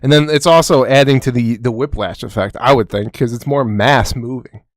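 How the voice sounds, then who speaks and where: A man's voice: medium pitch, moderate pace, dry recording, clean studio sound. A man co-hosting a football podcast, talking casually with lots of swearing and laughter. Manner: profane, laughing, hyped. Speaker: podcast co-host. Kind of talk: casual sports chat.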